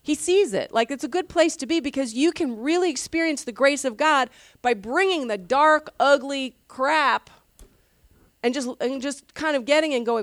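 A woman pastor preaching in a chatty, earnest manner, her voice sitting a little high for a woman. She often sinks to a soft, hushed tone. The sound is dry and close. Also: moderate pace, no echo. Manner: conversational and earnest, often dropping soft and quiet. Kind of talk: sermon.

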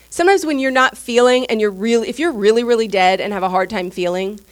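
Woman pastor with a higher voice, preaching casually. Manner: informal, candid and conversational, acting out what others said. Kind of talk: teaching sermon. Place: church service.

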